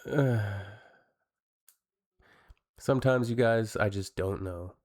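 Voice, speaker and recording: A man's voice: medium pitch, slow, a little mellow. A man from Canada giving casual, blunt reaction commentary and talking straight to his viewers. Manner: blunt, chatty, addresses viewers. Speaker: reaction video host.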